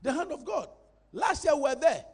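A man preaching a sermon in a church, animated and playful, drawing responses from the congregation. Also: very high-pitched, moderate pace.

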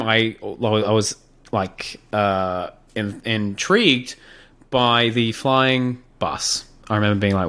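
A man with an Australian accent, co-hosting a podcast in relaxed, joking chat. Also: on the low side, takes it slowly, smooth. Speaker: podcast co-host. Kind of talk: casual chat.

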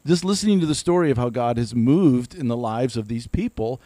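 A man's voice: mid-range voice, animated, brisk, dark tone, dry recording. A man co-hosting a family podcast, talking earnestly and eagerly about church fellowship and ministry. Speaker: podcast co-host. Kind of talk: casual family podcast chat.

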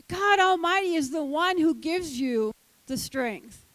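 High-voiced older woman preaching slowly. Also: no echo, rough recording. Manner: animated, acts out voices of the story's characters. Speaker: Sunday school teacher. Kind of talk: sermon.

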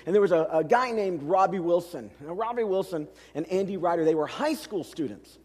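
A middle-aged male pastor with a fairly high voice tells a story from the pulpit, animated and self-deprecating, talking straight to the congregation. His voice rings out through a large church auditorium with a long reverb trailing after each phrase. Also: a little fast, husky. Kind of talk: storytelling sermon.

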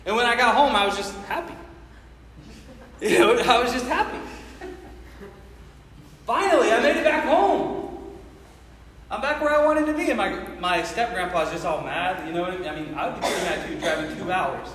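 A man in his thirties from Ohio, near Cincinnati, tells a personal story to a live audience, casual and chatty, repeatedly asking "you know what I mean?" His voice sits high and is fairly bright, with lively intonation, a moderate pace and long pauses. The hall is echoey with faint noise.

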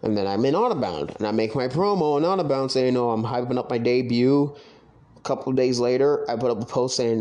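A young man telling stories from his own past in a casual, profane, excitable monologue. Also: a little high, fairly quick. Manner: profane, excitable, quotes others in animated voices. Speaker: podcast host recounting his online wrestling league career.

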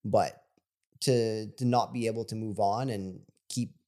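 A man co-hosting a casual podcast with a very deep, mellow voice. He talks in a calm, measured way and is quick to agree. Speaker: podcast co-host.

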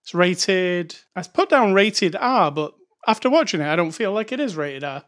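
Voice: medium pitch, animated, normal speed, fairly bright tone. Dry, wry movie podcast co-host. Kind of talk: casual movie review chat.

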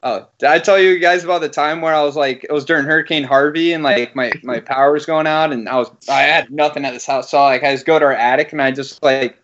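A man's voice: a little high, steady tone, fast talker, few pauses, a bit bright. A young man casually chatting on a podcast, crude and joking and swearing freely. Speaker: podcast co-host. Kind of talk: casual chat. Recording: slightly dull sound.

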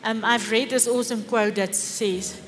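A woman's voice: a little high, steady tone, moderate pace, slight background noise. A middle-aged woman pastor with an Afrikaans accent, preaching a sermon with fervour and rhetorical questions. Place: church hall. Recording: echoey church hall with faint music.

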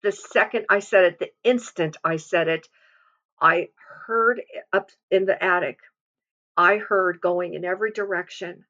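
A woman's voice: fairly low pitch, fairly even intonation, measured pace, a bit bright. A woman giving an earnest devotional testimony and exhortation, stressing her points by repeating phrases. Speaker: devotional speaker. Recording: dull lo-fi sound.

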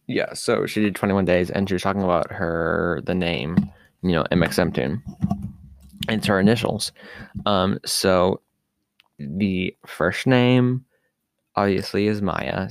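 A man hosts a solo podcast, talking casually and rambling with lots of fillers and asides. His voice sits low, his delivery is unhurried, and the recording is dry.

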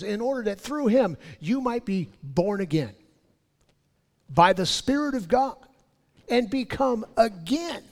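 A man preaching a sermon, rising loud on his key points and dropping low for scripture. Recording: long hall reverb.

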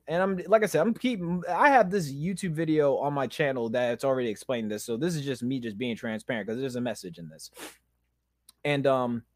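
A man hosting a podcast, telling a personal story in a candid, animated way, with loud emphasis and quiet asides. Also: medium pitch, dry recording, studio quality. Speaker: podcast host.

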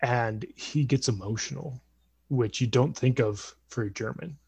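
A man in his twenties telling a family story casually on a podcast, animated and acting out voices. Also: mid-range voice, a little slow, gravelly, husky, dry recording. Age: 20s.

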